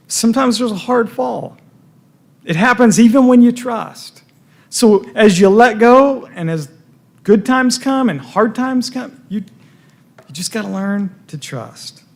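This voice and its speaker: Gravelly earnest man preaching. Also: sits high. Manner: earnest, repeats words, voice rises and drops with feeling. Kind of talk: sermon. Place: church sanctuary.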